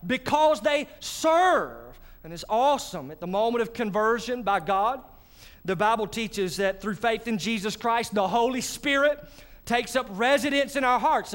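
In a church sanctuary, a male pastor preaches a sermon with a very high, expressive, somewhat bright voice at a moderate pace. He talks directly to his congregation, preaching conversationally with asides to them.

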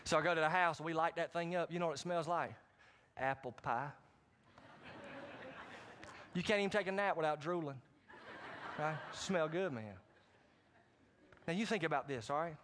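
A middle-aged man preaching a sermon, animated, with sudden loud rises and frequent asides to the congregation. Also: a little high, normal speed, long pauses, slight background noise. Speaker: pastor.

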